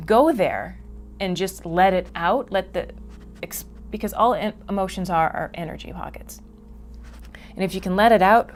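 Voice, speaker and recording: A woman from Canada speaks in a somewhat low voice as an interview guest. She talks casually and animatedly, laughing often and acting out her own reactions. Faint music plays behind her. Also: a little mellow. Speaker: guest emotions teacher.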